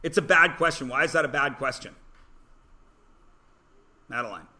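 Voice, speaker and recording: Bright-voiced joking male math teacher. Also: mid-range voice, moderate pace. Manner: joking, self-deprecating, prodding students to guess. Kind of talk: classroom lecture. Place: classroom.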